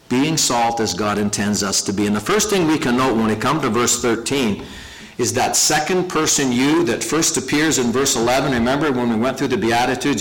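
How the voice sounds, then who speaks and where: A pastor preaching a sermon, earnest and emphatic, slowing down to stress key phrases. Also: male voice, medium pitch, a bit bright, low-quality recording.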